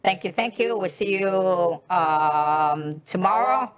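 Middle-aged woman streamer, slightly low voice, casual and halting, keeps repeating her phrases. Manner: chatty, repeating phrases, halting with many fillers. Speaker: streamer host. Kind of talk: casual gameplay stream chat.

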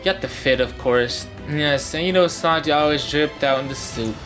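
A man giving goofy, hyped gameplay commentary that bursts into shouting. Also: fairly high pitch, moderate pace. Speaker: gaming channel host. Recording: background music clearly audible.

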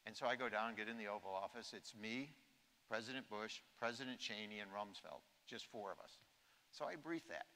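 A man's voice: on the low side, brisk, sharp tone, slight background noise. A man in his sixties giving an anecdotal keynote speech at a conference, telling humorous stories and acting out quotes. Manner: humorous storytelling, acts out quotes. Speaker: keynote speaker. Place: large conference hall. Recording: echoey hall.

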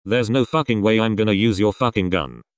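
A man's voice: lowish voice, fairly quick, no room sound, lightly acted. A man reading out a cold, aloof young male assassin who talks in a curt, dismissive way. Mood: scornful.

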